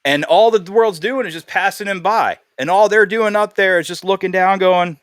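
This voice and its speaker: A man's voice: high-pitched, normal speed, few pauses, a bit bright, no room sound, studio quality. A man hosting a podcast, talking in a casual, earnest way and telling a heartfelt story. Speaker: podcast host.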